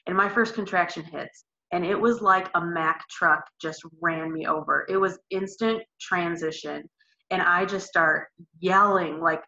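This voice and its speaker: A woman in her thirties tells her story with a bright, forceful voice. She talks casually, swears freely and acts out the moments she screamed. The podcast audio is a little dull and lo-fi. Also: on the low side. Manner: animated, acts out her own past shouts and screams; casual, swears and says "like" often. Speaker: podcast guest telling her birth story.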